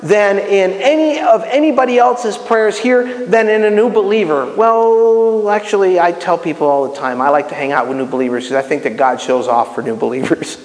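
A man from Miami teaching a Bible lesson in a sermon style, acting out prayers with lots of restarts. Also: sits high. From Miami, United States. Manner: animated, acts out prayers, many restarts. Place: community center hall. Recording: echoey hall with long reverb.

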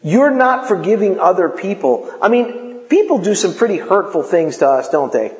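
A man preaching a sermon in a lively, conversational way, acting out quotes as he goes. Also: high-pitched, normal speed. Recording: echoey hall.

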